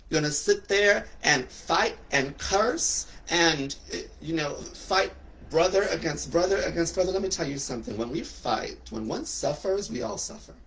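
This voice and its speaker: A man's voice: a little high, a bit bright. A young man giving a flamboyant, preachy motivational monologue, with sassy asides. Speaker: spiritual talk host.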